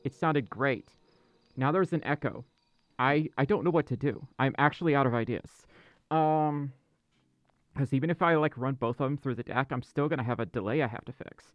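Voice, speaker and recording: A man's voice: medium pitch, moderate pace, no echo, highs cut off. A man hosting a casual livestream chat, flustered, stammering and apologetic. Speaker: livestream host. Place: dark room indoors.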